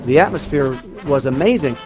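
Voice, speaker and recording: A man's voice: medium pitch, lively intonation, normal speed, dull audio, music in the background. A male puppeteer recalling the past in an interview with enthusiasm.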